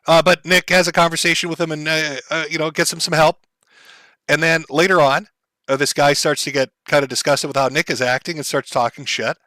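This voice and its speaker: A man commentator explaining a stream clip to his chat in a measured way, with many fillers. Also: on the high side, fairly even intonation, pushed and bright, no room sound.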